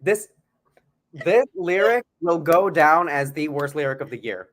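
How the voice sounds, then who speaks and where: A man co-hosting a podcast in casual chat, animated and playful, laughing often. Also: on the high side, measured pace. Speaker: podcast co-host.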